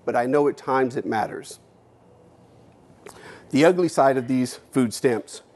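A man delivering an emotional keynote in a lecture hall, mid-pitched and blunt. He swears without apology and swings between loud emphasis and near-whispers as he tells his story. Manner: blunt, candid, swears freely, shifts between loud and hushed. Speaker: keynote speaker.

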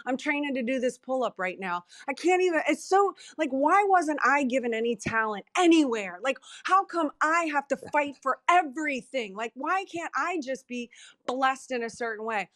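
A woman with a fairly high voice talks frankly and emphatically, laughing at herself and pushing through with motivational fire. Her sound is close and dry, with no room around it. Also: moderate pace, no room sound. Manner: emphatic, self-deprecating, animated. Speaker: guest. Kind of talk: candid motivational talk.

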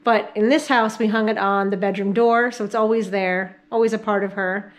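Chatting to viewers as she goes from room to room, a middle-aged woman gives a casual tour of her home. She hails from the Catskills area of New York and speaks at normal speed in a mid-range voice with fairly even intonation, on a rough recording. She talks baby-talk to her dogs.

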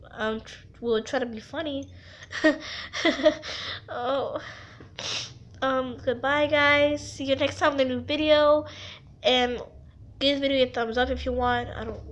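A young woman crying as she talks in a confessional vlog, halting and rambling, stumbling over her words. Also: high-pitched, fairly even intonation, highs cut off. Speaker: vlogger.

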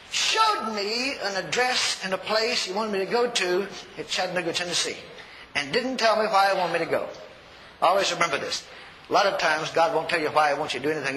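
A man preaching a sermon, telling a story in an animated, folksy way and shouting at the peaks. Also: high-pitched. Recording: long hall reverb, faint noise.

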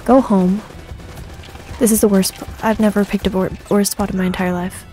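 A woman's voice: medium pitch, level tone, fast talker, mellow, faint music behind. A woman giving let's play commentary while gaming, panicky and self-mocking, often repeating herself. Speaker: gaming streamer.

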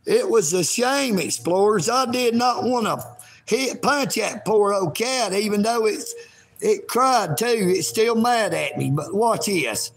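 Guy rambling at a park, slow talker, raspy, kinda high voice, yells now and then. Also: lively intonation. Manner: folksy, emphatic, bursts into shouting. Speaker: vlogger. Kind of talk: rambling livestream vlog. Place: outdoors at a park.

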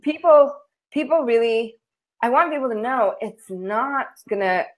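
A woman's voice: on the high side, expressive, a little slow, rough recording. A woman hosting a casual livestream chat, talking in a chatty, rambling way with frequent laughs. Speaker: host.

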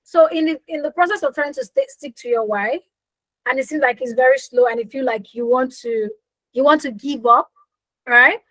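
A woman's voice: high-pitched, moderate pace, a bit bright, dry recording, poor audio. A young woman coaching a live online business class, emphatic, repeating her phrases and asking the audience questions. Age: young adult. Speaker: business coach hosting a workshop.

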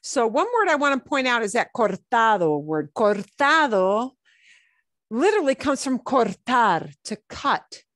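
Woman, Spanish teacher, slow patient explaining, keeps asking "okay?", dry sound. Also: fairly high pitch, sing-song, fairly bright tone, no room sound. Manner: explains words slowly, with checks like "okay?" and "right?". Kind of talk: classroom explanation over a played lesson video.

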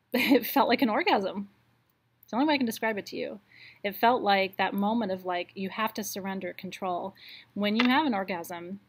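A woman leading a live online ritual, speaking slowly and soothingly as she guides a meditation, with her voice dropping softer for the affirmations. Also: mid-range voice, background noise.

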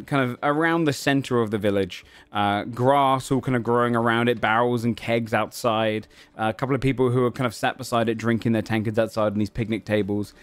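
A man's voice: medium pitch, clear, resonant tone, dry recording. A man running a tabletop game as game master, describing scenes with lots of ums and uhs. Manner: rambling with many fillers.

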